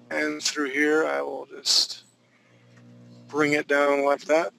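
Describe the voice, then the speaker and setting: A man's voice: on the high side, monotone, slow pace, creaky, pauses often, bright, forceful tone, a little hiss or hum, poor audio. A man teaching a live online drawing class from home, talking loosely and jokingly as he thinks aloud while he draws. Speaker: drawing instructor. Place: home studio.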